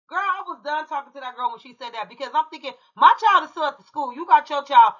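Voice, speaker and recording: Fast-talking fired-up woman, bright tone. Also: high-pitched, animated, lo-fi sound. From California. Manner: emphatic, profane, fired-up. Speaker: true crime commentary channel host. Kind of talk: heated personal storytelling.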